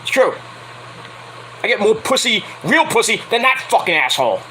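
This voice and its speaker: Fired-up guy ranting on a late night stream, swearing nonstop, kinda high bright voice, faint ac hum behind. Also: sing-song, normal speed, low-quality recording. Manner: profane, heated, fired-up ranting. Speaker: wrestling reviewer and streamer.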